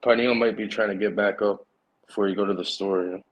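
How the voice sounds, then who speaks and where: A man's voice: fairly low pitch, steady tone, fast, low-quality recording. A man hosting a casual online video call chat, loose and profane, laughing a lot. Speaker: show host.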